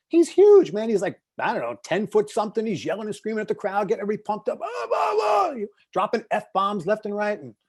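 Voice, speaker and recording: A middle-aged man with a slightly raised voice gives a motivational talk to a group on a video call. He tells his stories with lively swings, bursting loud and then dropping to hushed asides. He has the easy, persuasive delivery of a working success coach. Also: sits high. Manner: animated storytelling, shifting between loud bursts and hushed asides.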